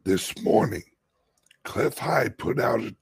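Man, vlog host, very husky, lively swinging pitch, urgent, whispers and shouts, swears. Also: slow, no echo. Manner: swears freely for emphasis. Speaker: crypto channel host. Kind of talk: impassioned vlog rant.

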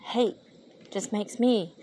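A woman's voice: medium pitch, slow, dark tone, slight background noise. A tired woman talking through an emotional, rambling podcast monologue with a Valley Girl-ish lilt, recorded on a handheld phone as she paces a yard at night. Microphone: handheld phone while pacing.

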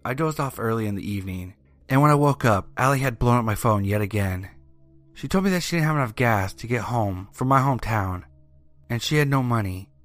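A man narrating a first-person horror story in a steady, even storytelling manner. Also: mid-range voice, a little fast. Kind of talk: scripted narration. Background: faint music.

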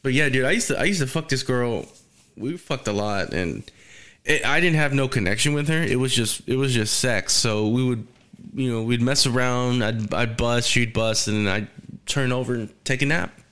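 A man's voice: mid-range voice, moderate pace, a bit bright, clear, resonant tone. A young man telling a rambling, crude story in casual podcast chat, swearing and laughing often. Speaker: storyteller guest.

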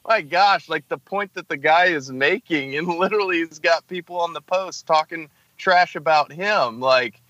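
Podcast host man, bright forceful voice, dry close mic, rambling and animated. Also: a little high, moderate pace, few pauses, no echo, lo-fi sound. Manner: animated, rambling, lots of fillers. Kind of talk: casual podcast chat.

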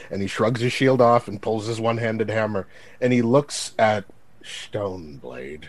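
A man taking part as a player in a tabletop game, speaking in a relaxed, hesitant, joking way. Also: fairly low pitch, normal speed, slight background noise. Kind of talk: casual tabletop play.

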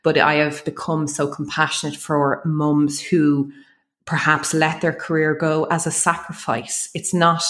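Low, even-toned Irish woman. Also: unhurried. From Dublin, Ireland. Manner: reflective, earnest, speaks in long flowing sentences. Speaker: guest. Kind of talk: casual conversation.

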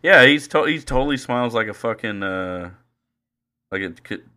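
A young man trades jokes on a casual podcast. He rants in a mocking, animated way and swears freely. His voice is bright and sits at an ordinary pitch. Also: normal speed. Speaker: podcast co-host. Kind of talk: casual banter.

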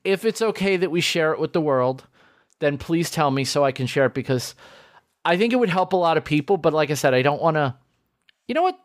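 A man hosting a podcast in casual chat, animated and rambling with restarts. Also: a little high, fairly quick, no echo, clean studio sound. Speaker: podcast host.

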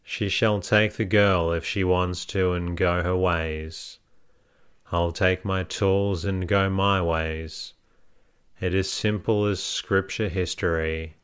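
A man's voice: low-pitched, fairly bright tone, clean tone. A man reading as a blunt drunken hay trusser. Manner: blunt, bullying. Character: gruff drunken male hay trusser selling his wife.

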